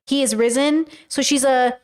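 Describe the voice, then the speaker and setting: A woman's voice: high voice, steady tone, moderate pace. A woman streamer reacting to videos in casual commentary, incredulous and thinking aloud as she rambles.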